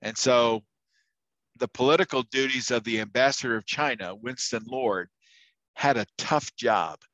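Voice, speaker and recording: A university instructor tells anecdotes to his class in a casual, chatty way, with lots of fillers and restarts. His mid-range, slightly bright voice keeps a measured pace, and the audio is poor but free of echo.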